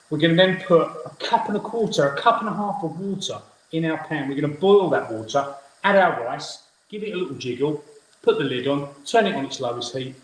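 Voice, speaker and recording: Brief: man, 50s, head chef hosting a live cookalong, upbeat and instructive, kitchen with faint background noise. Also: fairly high pitch. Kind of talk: live cooking demonstration. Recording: echoey room with faint noise.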